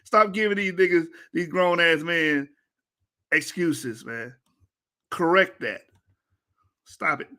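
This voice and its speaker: A man's voice: fairly high pitch, slow pace, pauses often, sharp tone. A man hosting a reaction video, talking casually in an exasperated, ranting way and breaking into laughter.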